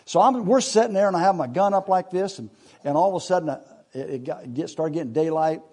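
A man's voice: fairly high pitch, fast, darkish tone. A man, telling a rambling hunting story in a casual, folksy way with laughs along the way.

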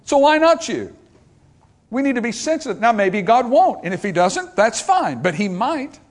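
A man's voice: very high voice, very animated, moderate pace. An older man preaching a sermon as pastor, emphatic and repetitive, driving points home with rhetorical questions.

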